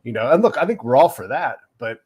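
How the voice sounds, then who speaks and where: Husky-voiced blunt podcast host. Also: male voice, medium pitch, big pitch swings, fast, darkish tone. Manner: blunt, profane, laughs easily. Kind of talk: casual podcast conversation.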